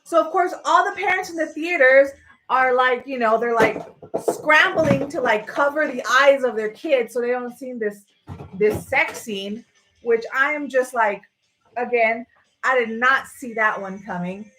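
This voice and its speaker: A woman's voice: sits high, unhurried, a bit bright, a little hiss or hum, low-quality recording. A woman hosting a livestream, ranting casually and sarcastically, swearing freely. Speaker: livestream host. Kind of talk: casual rant.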